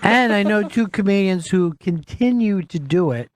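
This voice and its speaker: A man's voice: sits high, animated, normal speed. A man hosting a comedy talk show, bantering in a wry, blunt and profane way. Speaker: host.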